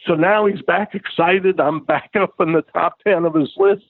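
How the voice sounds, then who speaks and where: A man's voice: normal speed, few pauses, no echo. A man telling a casual anecdote as a guest, acting out the people he quotes. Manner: lively, acts out quoted voices with big pitch jumps. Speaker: guest storyteller. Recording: tinny phone-like sound.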